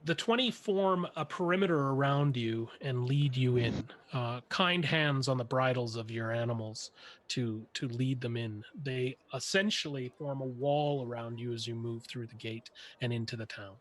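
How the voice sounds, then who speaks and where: A man runs a tabletop game, narrating the scene for his players. His delivery is halting, full of restarts and fillers, at an ordinary middle pitch. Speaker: game master. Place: home streaming setup.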